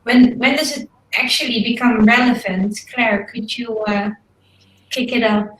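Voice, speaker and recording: A woman moderates a panel, briskly introducing speakers and handing over turns. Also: on the high side, steady tone, a bit bright. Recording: echoey room.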